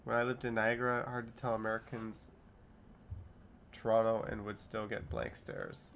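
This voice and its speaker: A man's voice: on the low side, flat delivery, moderate pace, vocal fry, fairly bright tone, a little hiss or hum. A man in his thirties hosting a casual livestream, reading viewers' comments aloud and riffing on them. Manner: chatty, reads chat comments aloud and riffs on them. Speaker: streamer reading live chat.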